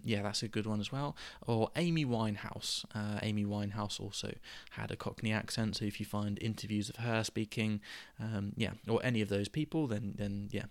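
A young British man hosting an English-learning podcast, talking in a loose, rambling way with lots of fillers. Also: lowish voice. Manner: relaxed and rambling, many fillers and restarts. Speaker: podcast host and English teacher. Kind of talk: casual spoken lesson.

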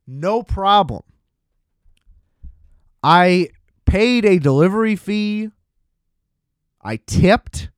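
A man's voice: a little high, clear, resonant tone, no room sound, clean studio sound. A man hosting a podcast, ranting in a casual, exasperated and profane way. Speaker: podcast host. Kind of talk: casual solo podcast rant.

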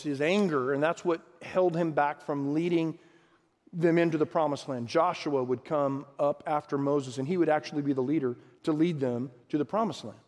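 A man preaching a sermon with a fairly high voice, speaking casually and turning to his listeners with questions. His words ring out with a long reverb, as in a large hall. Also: a little mellow. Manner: conversational preaching with asides to the congregation. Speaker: pastor.

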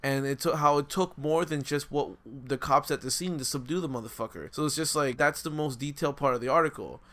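A man's voice: fairly high pitch, fairly quick, a bit bright. A young man hosting a podcast, loosely recapping a news story with plenty of swearing. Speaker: podcast host.

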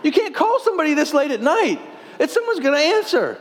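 A man, a pastor in a sermon, voicing his panicked mother, shouting frantically in a shrill voice. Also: sing-song, brisk, in a large hall. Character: panicked mother shouting at her teenage son.

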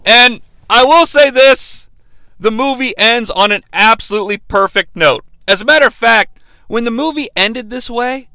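A man's voice: very high voice, normal speed, vocal fry, bright, forceful tone, clean tone, no room sound. A man hosting a movie review show and ranting without a script, profane and emphatic. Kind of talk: unscripted rant-style review.

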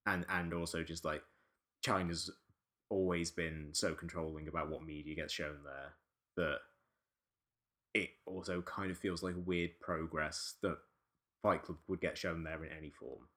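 Low-voiced man hosting a podcast. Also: steady tone, measured pace, sharp tone. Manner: rambling, restarts often, wry. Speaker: podcast host. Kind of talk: casual discussion.

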